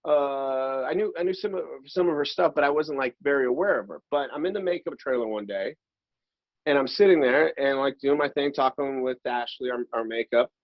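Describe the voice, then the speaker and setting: A middle-aged man, an actor guest, telling lively anecdotes and acting out the people in them. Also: medium pitch, fairly quick, dry recording. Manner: lively storyteller who acts out the people in his stories. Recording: dry, slightly dull recording.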